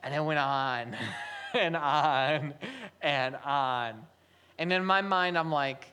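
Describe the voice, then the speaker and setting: A man's voice: on the high side, slow, pushed and bright, clean tone. A man giving a sermon as pastor, telling a family story conversationally with light humor.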